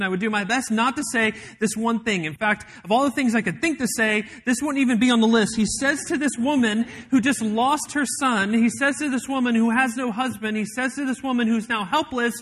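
High-voiced man preaching a sermon. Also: fairly bright tone. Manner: emphatic storytelling with dramatic pauses and restarts. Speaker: pastor.

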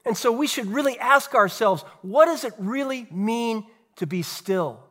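A man, a pastor, preaching a sermon earnestly, with rhetorical questions and dramatic pauses. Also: extremely high pitch, animated, a bit bright.

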